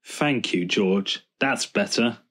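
A man voicing a gentle, prim old female car in a storybook reading, with a fussy, easily shocked manner. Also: medium pitch, slow.

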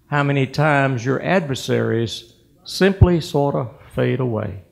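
An older man, giving a measured, deliberate award acceptance speech as a governor. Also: medium pitch, vocal fry, darkish tone, a little hiss or hum. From United States. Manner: measured, deliberate, emphatic on key words. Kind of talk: formal speech at a podium.

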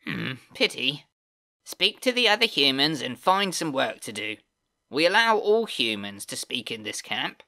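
A man's voice: mid-range voice, sing-song, measured pace, sharp tone, no echo, studio quality, voice pushed up, exaggerated voice. A man voicing a sneering male goblin camp boss with a screeching, whiny voice, in an audiobook reading. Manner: sneering, contemptuous.

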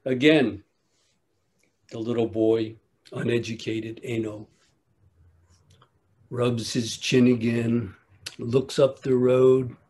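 A man giving a dharma talk at a retreat, telling a teaching story in a measured way with long pauses. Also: medium pitch, little pitch movement, darkish tone. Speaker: meditation teacher.

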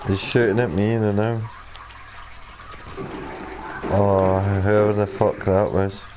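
Slow, low-voiced grumbling gamer man. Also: flat delivery, background noise. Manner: grumbling, swearing. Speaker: online game player. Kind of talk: gaming chat with teammates.

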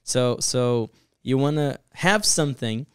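A man speaks as a guest pastor on a podcast, earnest and animated as he acts out the lines in his stories. His voice is smooth and clear at a middle pitch. The sound is dry and close to the mic. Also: takes it slowly, dry recording. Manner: earnest, animated storyteller who acts out quotes. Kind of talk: casual podcast storytelling.

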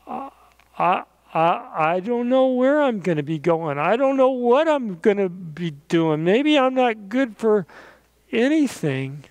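A man's voice: high-pitched, big pitch swings, measured pace, clear, resonant tone, no echo, heavily acted. A man voicing a small, sad boat in a children's story, stammering and hesitant. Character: small timid female boat, sad and unsure.

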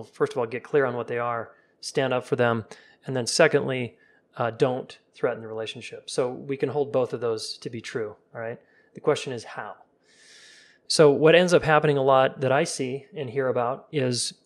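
Casual man giving relationship advice. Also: mid-range voice. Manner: casual, relaxed, talks straight to viewers; acts out calm sample dialogue in a soft voice. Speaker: relationship coach. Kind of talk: casual live-stream advice.

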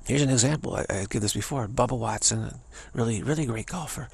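Casting: gravelly, raspy male teacher, rambling, stammering delivery. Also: mid-range voice, quick pace. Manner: rambling, many restarts and stammers, laughs often. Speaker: spiritual teacher. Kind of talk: casual spoken talk.

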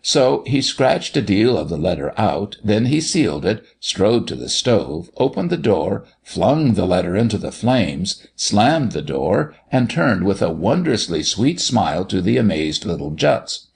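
Male audiobook reader, low gravelly voice, lively, expressive storybook narration. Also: a little slow, few pauses.

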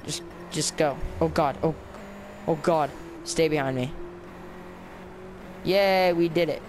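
A man's voice: a little high, slow pace, darkish tone. A man giving casual, sarcastic let's-play commentary while grumbling at the game. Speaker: gameplay commentator. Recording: clear background noise with game car sounds.

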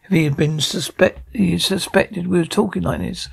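A man's voice: high voice, fairly even intonation, normal speed, gravelly, slightly rough, exaggerated voice. A man reading a frightened woman in an amateur audio drama, reluctant and pleading. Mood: fearful. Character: frightened woman entangled with a criminal.

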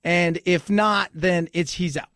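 A man's voice: high voice, steady tone, a little slow, a bit bright. A middle-aged man hosting a radio talk show, chatting casually with joking, sarcastic asides. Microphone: studio microphone.

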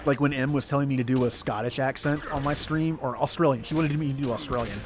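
A man's voice: medium pitch, steady tone, fast talker, over music. A man chatting casually over gameplay, rambling and poking fun at himself. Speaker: gaming streamer. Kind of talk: casual let's-play commentary.

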